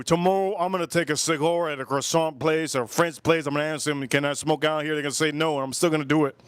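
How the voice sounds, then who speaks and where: A man's voice: on the high side, steady tone, fast talker, hardly any pauses, clean tone, no room sound. Rambling man hosting a cooking stream. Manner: rambling, repeats himself, talks to a chat viewer. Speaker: live stream cooking host. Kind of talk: casual live stream chat.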